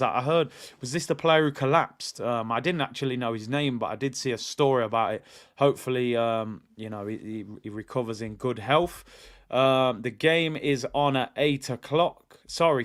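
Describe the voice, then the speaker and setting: Chatty man hosting a football watch-along. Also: mid-range voice. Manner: opinionated, chatty, lots of fillers and repeats. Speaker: football fan channel host. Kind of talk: live watch-along chat, reading viewer comments.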